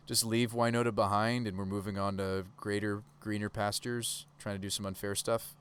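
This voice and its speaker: A man's voice: fairly low pitch, level tone, moderate pace, hardly any pauses, a bit bright, clear, resonant tone. A man streaming a card game live, giving casual, chatty commentary and tossing questions to his chat.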